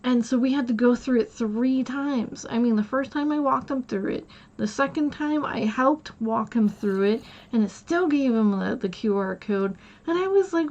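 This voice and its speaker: A woman with a somewhat high voice tells a long story in a loose, rambling way while streaming. She keeps quoting what everyone said with "I was like". The sound is a bit dull and lo-fi. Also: moderate pace, a little mellow. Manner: rambling, retells dialogue with many "I was like". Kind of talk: casual storytelling while gaming.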